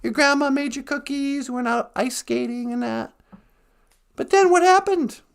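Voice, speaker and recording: A woman's voice: high-pitched, measured pace, vocal fry. A woman voicing a male Christmas ghost who lectures in a matter-of-fact, scolding way in a comic retelling. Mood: lecturing.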